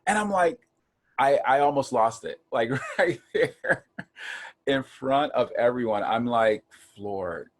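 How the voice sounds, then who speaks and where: A guest from Ohio earnestly shares a personal story of hard times in a casual chat, speaking slowly at a medium pitch. He gets animated whenever he acts out quotes.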